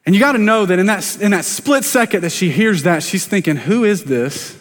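A man's voice: high voice, animated, brisk. A man, a pastor preaching a sermon in a conversational, self-deprecating way, often turning to ask the congregation questions. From South Carolina, US. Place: church sanctuary. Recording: long church reverb.

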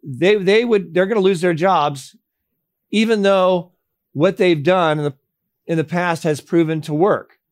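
Guy hosting a legal interview, slowish and hesitant, lots of uh's, dry close mic. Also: sits high, no echo. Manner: deliberate, hesitant with fillers and repeats. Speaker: host. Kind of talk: interview questions and commentary.

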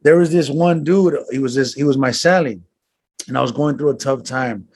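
Husky-voiced man telling earnest stories. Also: medium pitch, moderate pace, a little mellow. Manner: earnest storytelling with street slang and swearing. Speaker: guest. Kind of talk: casual conversation.

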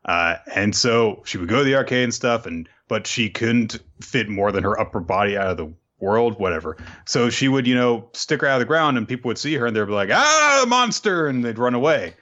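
Recapping a comic chapter on his podcast, a man speaks in a lowish voice with a fairly bright tone, and the highs are cut off. He's casual, loose and profane, full of fillers, and slips into quick character voices.

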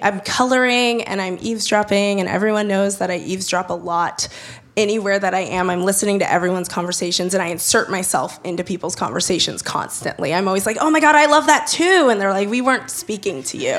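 Gravelly-voiced woman telling a personal story. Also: mid-range voice. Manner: chatty, laughing, quotes herself in animated voices.

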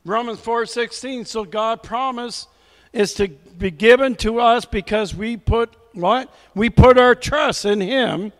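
High-voiced preacher man, slow and exhorting. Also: long reverb tail. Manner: exhorting, repeats "come on" to rouse the congregation; reads scripture aloud with emphasis. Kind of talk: sermon.

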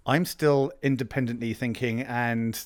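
A man's voice: mid-range voice, steady tone, unhurried, dry recording. A man co-hosting a podcast, wry and thoughtful, laughing partway through his sentences. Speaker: podcast co-host. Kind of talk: casual chat.

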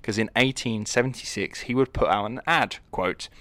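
A man's voice: fairly low pitch, normal speed, fairly bright tone, dry recording. A man hosting a casual, joking history podcast, rambling and swearing freely as he tells the story.

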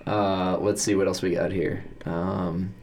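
A man's voice: low-pitched, level tone, a little slow, gravelly, a little mellow, slight background noise. A man hosting a casual staff chat, rambling with lots of filler words. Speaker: podcast host.

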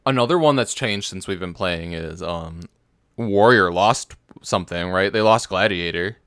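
An easygoing man in a casual gaming chat, with a low, smooth, resonant voice. The recording is dry and close. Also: moderate pace, a bit bright, no echo. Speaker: podcast co-host.

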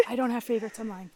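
A woman visiting puppies outdoors, soft-spoken and cooing at them. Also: a little high. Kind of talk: casual chat. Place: outdoors in a yard with dogs.

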